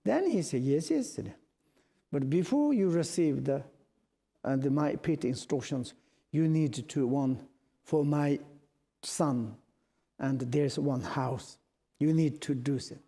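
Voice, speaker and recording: Mellow Tibetan-native man teaching in a hall. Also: fairly high pitch, breathy edge. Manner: halting non-native English with restarts. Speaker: Buddhist teacher. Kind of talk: storytelling dharma teaching. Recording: long reverb of a large hall.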